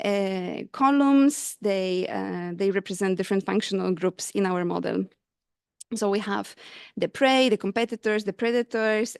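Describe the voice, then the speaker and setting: A woman presents her research at a conference, pausing often with fillers and restarting her sentences. She sounds a little out of breath. Her voice is smooth and resonant, recorded dry and close, at a middle pitch. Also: no room sound. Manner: hesitant, many fillers and restarts. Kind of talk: scientific conference talk. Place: conference hall.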